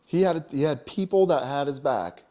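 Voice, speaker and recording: A man's voice: a little high, expressive, normal speed, warm tone. A man co-hosting a casual spiritual talk show, talking emphatically and preaching, with many "you know?" asides. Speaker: podcast co-host.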